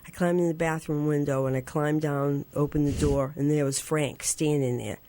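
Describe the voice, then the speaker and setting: Gravelly, low-voiced woman in her 60s. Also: moderate pace. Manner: animated storyteller, laughs often, jumps to a squeaky high voice for her younger self. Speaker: guest. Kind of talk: storytelling in a radio interview.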